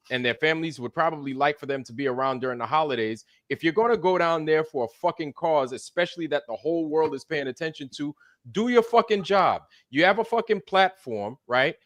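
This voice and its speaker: A man's voice: fairly high pitch, a bit bright, no echo. Man ranting with heavy profanity. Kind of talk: casual chat.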